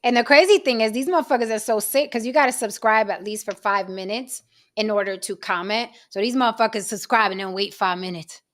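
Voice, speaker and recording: A woman's voice: mid-range voice, brisk, fairly bright tone. A woman hosting a casual livestream chat show, blunt and profane, talking straight to her chat.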